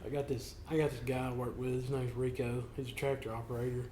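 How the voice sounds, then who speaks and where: A man's voice: medium pitch, quick pace, slight background noise. A man hosting a casual chat, telling profane stories with lots of swearing. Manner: profane, animated storyteller. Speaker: podcast host. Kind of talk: casual comedic storytelling chat. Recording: echoey room with faint ambience.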